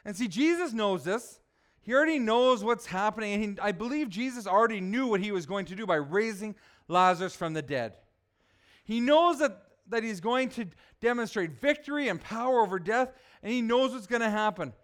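High-voiced preaching man. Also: expressive, moderate pace, a bit bright. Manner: emphatic, asks the congregation questions. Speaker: pastor. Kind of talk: sermon.

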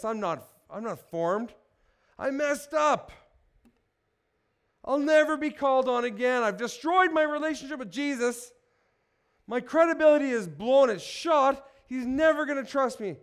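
Preacher guy, high voice, jokey and fired up, talking to the congregation on a mic. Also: smooth. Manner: energetic, joking, asks the crowd questions. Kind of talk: sermon. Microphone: microphone.

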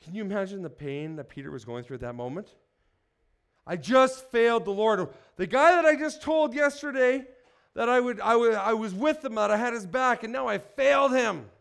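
A man preaching a sermon into a microphone in a church hall, energetic and joking, throwing questions at the congregation. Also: sits high, normal speed, gravelly, clear, resonant tone.

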